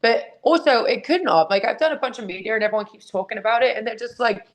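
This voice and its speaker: A woman's voice: fairly high pitch, fast. A woman guest, a wrestler and author, talking candidly and emotionally at home, swearing freely and speaking bluntly. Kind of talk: candid interview over a call. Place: at home with her dog nearby.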